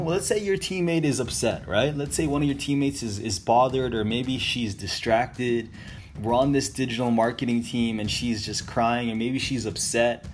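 A man giving a casual motivational talk on leadership, talking in a loose, conversational way and often checking in with "right?". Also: medium pitch. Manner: conversational, repeats "right?" often, restarts phrases. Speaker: leadership speaker.

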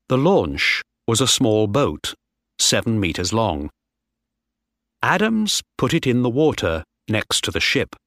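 Slow, clear male storybook narrator. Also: fairly low pitch, sing-song, fairly bright tone, no echo, studio quality. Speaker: audiobook reader. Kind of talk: graded-reader story narration.

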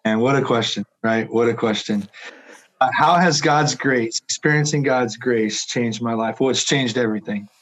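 A man's voice: medium pitch, a bit bright, slight background noise. Earnest man sharing his faith story. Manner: earnest, halting, many restarts. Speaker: guest sharing testimony. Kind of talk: personal faith testimony.

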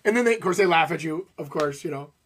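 A man who works as a realtor, telling stories in an animated, jokey way and laughing as he talks. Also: a little high, quick pace, crowd noise. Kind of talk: casual storytelling chat.

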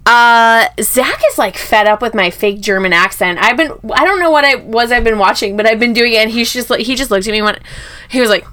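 A woman co-hosting a podcast, playful and quick to laugh, recording in a closet at home. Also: a little high, pushed and bright. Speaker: podcast co-host. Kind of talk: casual chat. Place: home closet used as studio.

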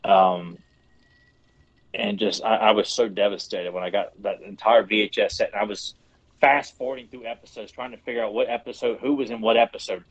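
Podcast co-host: low-pitched man, casual and animated, a bit dull and lo-fi in sound. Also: fairly quick. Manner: animated, swears, restarts often. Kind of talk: casual chat.

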